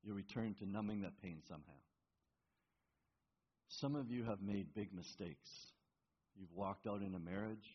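A man's voice: lowish voice, normal speed, pauses often, breathy edge. A man preaching a sermon as pastor in a church, earnest and given to stammering, repeating words as he presses his point. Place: church hall. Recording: reverberant, muffled hall recording.

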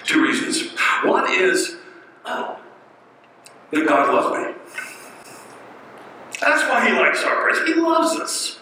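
Recorded from a distance in an echoey hall, a man delivers a conversational sermon full of pauses and rhetorical questions. His voice is high-pitched, very animated, pushed and bright, with a little hiss or hum in the background.

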